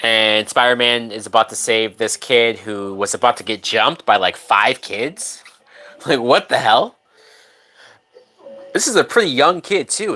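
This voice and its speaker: A man who's been drinking riffs on a movie over a live stream, chatty and profane, reading out the chat every so often. He speaks a little slowly, his medium-pitched voice pushed and bright.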